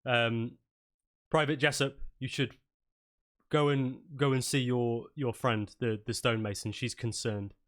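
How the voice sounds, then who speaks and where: A man voicing a panicky, loud male army sergeant who barks orders in alarm. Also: mid-range voice, steady tone, measured pace, lightly acted. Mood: flustered. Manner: shouty and alarmed, barking orders.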